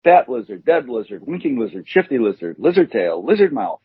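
A husky-voiced man co-hosts a casual podcast and rambles, stopping often to hunt for words. His voice comes through tinny and phone-like, very dry and close. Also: mid-range voice, very animated, brisk, no echo. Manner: rambling, hesitant, many fillers. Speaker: podcast co-host. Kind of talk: casual banter.

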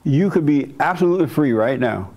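A man's voice: fairly high pitch, expressive, fairly quick, darkish tone. An older man preaching a sermon as pastor, telling stories and acting out the voices of people he quotes.

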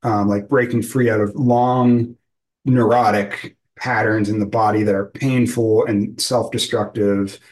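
A man's voice: on the low side, level tone, a little slow, a little mellow, low-quality recording. A man interviewing a guest, talking loosely and searching for words, with many fillers. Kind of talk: casual conversational interview.

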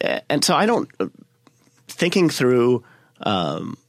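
A man, a podcast guest, making a measured argument in casual political discussion and thinking aloud with fillers. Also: mid-range voice, huge pitch swings, creaky, no echo. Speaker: podcast guest, magazine writer.

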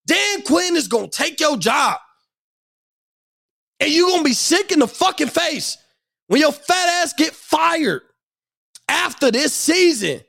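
A man's voice: extremely high pitch, creaky, a bit bright. A young man giving an angry, profane sports rant, emphatic and heated. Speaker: sports commentator.

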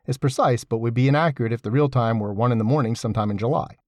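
A man's voice: mid-range voice, fast talker, a little mellow, no echo. A man reading his own essay aloud, with wry, sardonic asides and an emphatic delivery. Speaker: essay reader.

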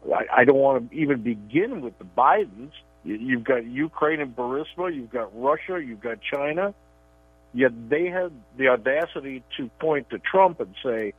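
A political radio show co-host and columnist speaks emphatically and unhurriedly, often repeating words as he starts his sentences. His medium-pitched voice has lively intonation and a breathy edge. It comes over a tinny, dry phone line with no room sound.

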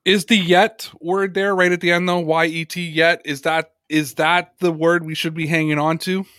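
A man's voice: fairly high pitch, little pitch movement, moderate pace, a bit bright, dry recording, studio quality. A man co-hosting a sports podcast, talking casually and emphatically, repeating words for effect. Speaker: podcast co-host.

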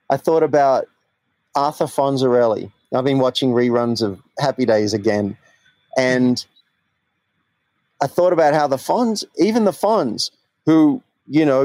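A man's voice: mid-range voice, darkish tone, no room sound. A man hosting a podcast, telling candid personal stories in casual chat. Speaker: podcast host.

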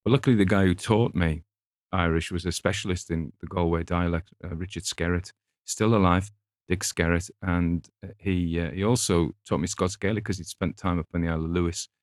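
A middle-aged man with a very low voice, chatting casually about a story and drifting into personal anecdotes. He talks in a discursive way, with small chuckles along the way. The sound is close and dry, with no room around it. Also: fairly even intonation, a little fast, no echo. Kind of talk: casual rambling book chat.

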